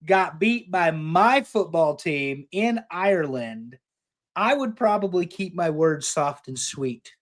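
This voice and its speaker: A man's voice: on the high side, lively intonation, slow. A man co-hosting a casual sports talk stream, opinionated and joking, cursing casually. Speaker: podcast co-host.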